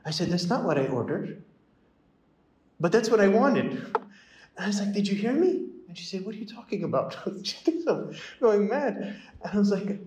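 A man's voice: high-pitched, moderate pace, pauses often, reverberant, a little hiss or hum, rough recording. A man, a priest, telling stories in a sermon, acting out the voices of the people in them. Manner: animated storyteller, acts out voices in dialogue. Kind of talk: storytelling sermon.

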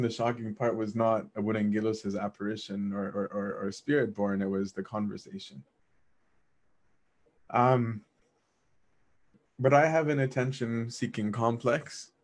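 Man, mid-range voice, casual storyteller: earnest, self-mocking, restarts sentences mid-thought. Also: mid-range voice. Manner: earnest, self-deprecating, quick asides and restarts. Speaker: speaker sharing a personal faith story.

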